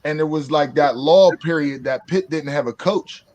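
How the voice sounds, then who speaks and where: A man's voice: a little high, normal speed, darkish tone, muffled recording. A middle-aged man from Pittsburgh, a former student, telling stories in casual chat and laughing often. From Pittsburgh, USA.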